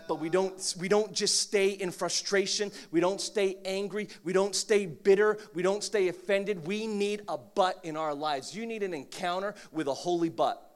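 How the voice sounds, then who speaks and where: A man preaching a sermon with humor, swinging from quiet asides to shouted, dramatic prayers. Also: high-pitched, normal speed, hardly any pauses, clear, resonant tone.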